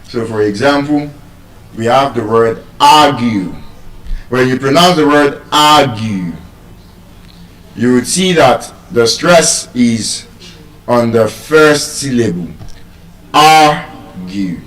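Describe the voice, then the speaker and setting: A man lecturing on word stress at a slow, measured pace, pausing between phrases and repeating key words. His voice rings in a roomy, echoing space and sounds a little removed from the microphone. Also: medium pitch. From Nigeria. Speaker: teacher giving a pronunciation lecture. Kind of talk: classroom lecture, explaining and spelling out words. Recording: roomy echo, voice from a distance.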